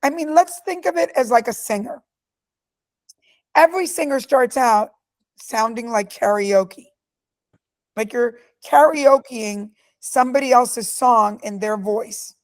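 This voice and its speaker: A middle-aged woman answering interview questions. Her voice sits a little high, and she talks with force and emphasis, telling stories from her own life. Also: measured pace. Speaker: guest speaker.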